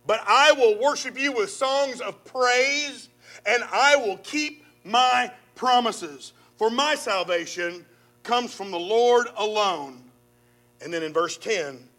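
A man preaching a sermon, reading scripture dramatically with loud swells and sudden soft drops, then speaking directly to his listeners. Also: high voice. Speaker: pastor.

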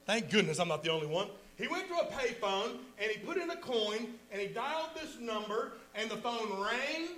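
A man with a notably high voice delivers a sermon. He tells stories in a lively way and keeps calling out to the congregation for a response. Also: moderate pace, hardly any pauses. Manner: lively storytelling with call-outs to the congregation. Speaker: pastor.

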